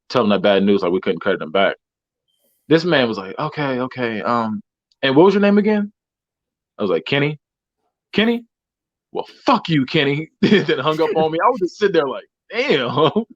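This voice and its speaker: A man's voice: on the low side, no room sound. A man co-hosting a podcast, telling work stories in a loose, profane way and laughing often. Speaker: podcast co-host. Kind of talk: casual storytelling chat. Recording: dull lo-fi audio.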